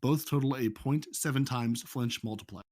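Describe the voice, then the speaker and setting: A man from the United States on a casual podcast, reading out game numbers in a deadpan, methodical way. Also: medium pitch, moderate pace, no echo, clean studio sound. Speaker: podcast co-host.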